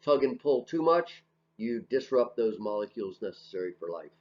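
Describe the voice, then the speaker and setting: A male teacher with a fairly low, sing-song voice gives a recorded lecture over slides at a moderate pace. He's conversational, asking questions and answering them himself and often tagging on "right?". The audio is dull and lo-fi.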